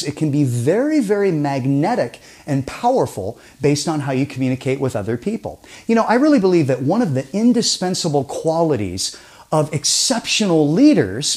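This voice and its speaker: An animated man presenting a persuasion seminar in a fairly high voice that rises and falls a lot. He peppers the audience with rhetorical questions and drops to a near-whisper to make a point. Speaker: communication trainer.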